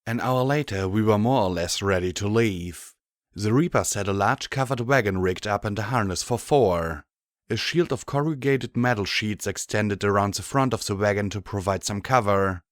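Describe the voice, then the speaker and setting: Low-voiced man narrating an audiobook. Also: moderate pace, dry recording, studio quality. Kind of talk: fan fiction audiobook narration.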